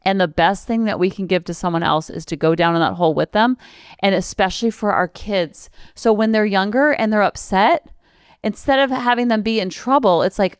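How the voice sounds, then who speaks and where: A woman's voice: medium pitch, brisk, smooth, dry recording, clean studio sound. A woman in her forties hosting a parenting podcast, chatting casually and piling up long lists of examples. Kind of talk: casual solo podcast talk.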